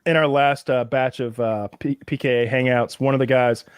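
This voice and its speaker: A man's voice: mid-range voice, steady tone, moderate pace, clean tone, no room sound, studio quality. A man co-hosting a podcast, chatting casually and explaining things in detail. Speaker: podcast co-host. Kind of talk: casual chat.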